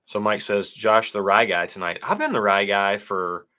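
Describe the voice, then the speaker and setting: A man's voice: fairly low pitch, normal speed, pushed and bright. A man co-hosting a casual whiskey tasting livestream, chatting and reading viewer comments aloud. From United States. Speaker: whiskey show co-host.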